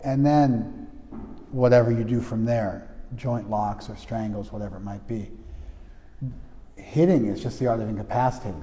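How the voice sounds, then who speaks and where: A spiritual teacher giving an informal talk to a group, conversational and full of restarts, often checking that listeners follow. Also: male voice, medium pitch, dark tone, big-room sound.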